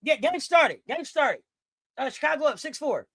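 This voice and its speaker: Woman host for a sports watch-along stream, high-pitched, loud and slangy as she cheers on the players. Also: very animated, normal speed. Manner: hyped, slangy, shouts at players. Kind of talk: live game watch-along commentary.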